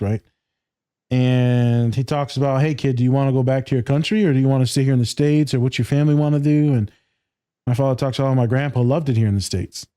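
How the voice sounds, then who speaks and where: A man's voice: medium pitch, mellow, clear, resonant tone, no echo, clean studio sound. A man co-hosting a podcast, telling a story in casual chat, laughing often and swearing freely. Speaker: podcast co-host.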